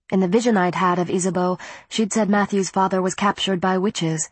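A woman reading first-person narration for an audiobook in a calm, even manner. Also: medium pitch, fairly quick, few pauses, slightly rough, no echo.

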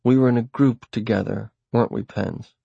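A man's voice: medium pitch, fairly even intonation, normal speed, creaky, mellow, breathy edge, no echo, dull audio. A man reading an audiobook voices an earnest young woman who pleads in an urgent, coaxing way. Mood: pleading. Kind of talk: audiobook character voice.

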